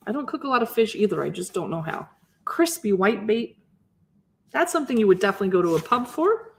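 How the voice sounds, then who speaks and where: A woman's voice: medium pitch, creaky. A woman hosting a casual live stream, chatting enthusiastically as she flips through cookbooks and muses aloud over recipes. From Seattle area. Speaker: cookbook channel host.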